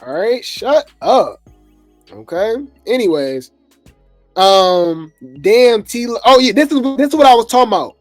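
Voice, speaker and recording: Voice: medium pitch, lively intonation, a little slow, soft background music. A host rambling casually through reality TV gossip commentary, chuckling often and full of fillers.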